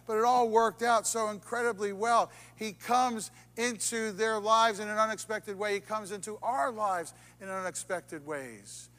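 A man preaching a sermon in a church, swinging between soaring emphasis and hushed, intimate passages. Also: sits high. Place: church sanctuary. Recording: long reverb of a church hall.

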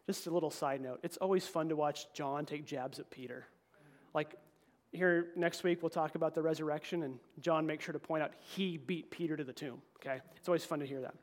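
A man preaching a sermon as pastor, reading scripture and swinging between emphatic peaks and quiet, low asides. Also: a little fast. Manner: animated preaching, voice rising to emphatic peaks then dropping low.

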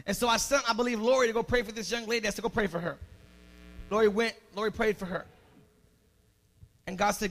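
A man preaching a sermon as pastor, moving from quiet storytelling into loud, rising exhortation. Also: high-pitched, fairly even intonation, fast, creaky, pauses often, in a large hall.

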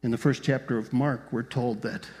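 His voice sits in the mid-range with a darkish tone, fairly even intonation and normal speed. As a pastor he preaches, telling the story vividly and asking the congregation rhetorical questions, all under a large hall's long reverb.

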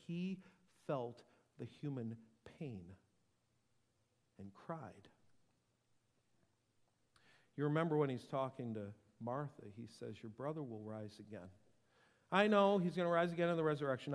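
A man preaching a sermon, dropping to a whisper and building to loud, emphatic passages. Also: medium pitch, in a large hall. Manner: dramatic swings from whisper to loud. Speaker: pastor.

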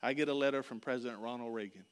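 A man preaching a sermon, telling a personal story with lively swings between loud outbursts and hushed, earnest passages. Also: medium pitch, rapid-fire, smooth. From Florida. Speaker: pastor.

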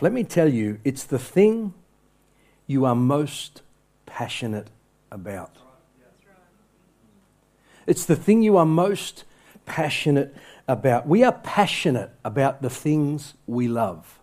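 A man's voice: medium pitch, very animated, takes it slowly, long pauses, a little mellow. A male pastor preaching a sermon to a congregation, with impassioned emphasis that rises and falls. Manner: impassioned, rising and falling emphasis. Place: church sanctuary with congregation.

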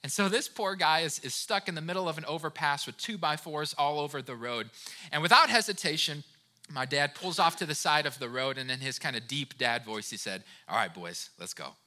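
A man's voice: fairly high pitch, fairly quick, bright, forceful tone. A man giving an earnest motivational talk, telling personal stories and often turning to the listener with "right?" and repeating words as he goes. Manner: earnest, direct address to the listener with frequent "right?"; restarts and repeated words while storytelling. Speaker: speaker of a talk series.

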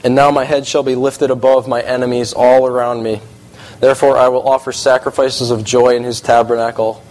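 A man preaching a casual sermon, animated and emphatic, repeating phrases as he talks through verses. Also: rough recording. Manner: animated, emphatic, rises in pitch when excited.

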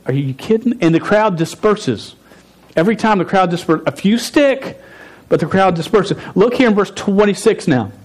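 A man preaching a sermon in an animated, emphatic way, often restarting his words. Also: high-pitched, normal speed. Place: church service.

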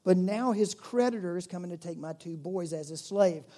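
A male pastor preaching a conversational sermon to his church, growing animated when he stresses a point. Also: high-pitched, normal speed. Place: church in Myrtle Beach.

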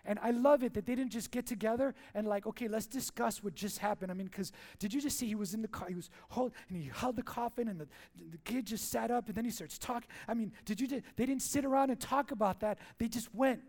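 A man's voice: extremely high pitch, fast talker, darkish tone. A man preaching a sermon as pastor in a church, playful and jokey, asking the crowd questions and answering them.

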